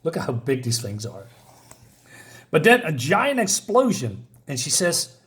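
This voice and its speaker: A man reviews a comic book in a loose, chatty way. He rambles, fills pauses with "um" and "uh", and corrects himself often. He reads the characters' lines aloud in much the same plain voice as his own. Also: fairly high pitch, huge pitch swings, a bit bright. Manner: rambling, with many fillers and self-corrections. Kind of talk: casual video review.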